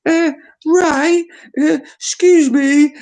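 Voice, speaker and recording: A man voicing a squeaky, timid male sidekick who politely interrupts with questions. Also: steady tone, drawn-out words, a little mellow, full character voice. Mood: timid asking. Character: squeaky-voiced male sidekick called Socrates.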